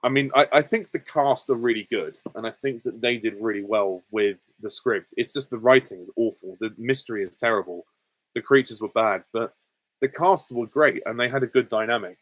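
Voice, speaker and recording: A man's voice: mid-range voice, normal speed, no room sound, rough recording. A man hosting a live stream, reading out viewer questions and answering them in a candid, chatty way.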